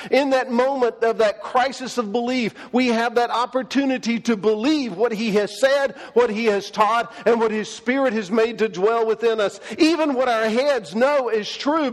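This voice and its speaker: A man's voice: very high voice, big-room sound. A man preaching a sermon, telling the story in a folksy way with paraphrased dialogue, recorded in a church sanctuary. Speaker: pastor.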